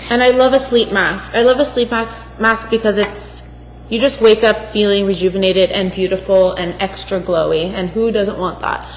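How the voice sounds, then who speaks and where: A woman's voice: medium pitch, fairly even intonation, normal speed, a little hiss or hum. Bubbly young woman chatting skincare. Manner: bubbly and enthusiastic. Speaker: co-host showing skincare. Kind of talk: casual beauty chat. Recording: echoey room with long reverb.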